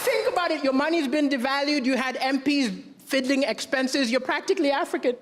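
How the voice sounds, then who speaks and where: A man's voice: extremely high pitch, fairly quick, very noisy. A man from Malawi doing a stand-up comedy routine on a theatre stage, with punchy setups and dry punchlines. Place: large theatre stage before a live audience. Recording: live stage show with roaring audience laughter and applause.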